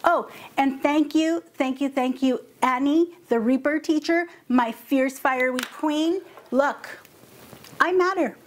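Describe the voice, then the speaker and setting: A woman with a high-pitched voice speaks slowly with few pauses as she hosts a home vlog from her kitchen. Wearing a lapel mic and chatting casually to camera, she dramatically plays up mock upset in her story and performs the other people's lines.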